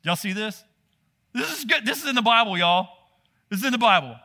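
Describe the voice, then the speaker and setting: Pastor guy preaching, high pitched, super bright voice, talks right at you. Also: brisk. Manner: animated, exclaiming, talks straight to listeners. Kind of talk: sermon.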